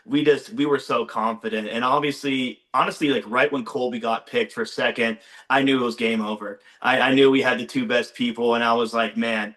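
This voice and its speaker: A young man, a former game show contestant, chatting on a video call and excitedly retelling his experience with lots of "like.". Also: medium pitch, brisk, few pauses. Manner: excitable storyteller, heavy use of "like". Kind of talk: casual chat on a video call. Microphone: video call microphone.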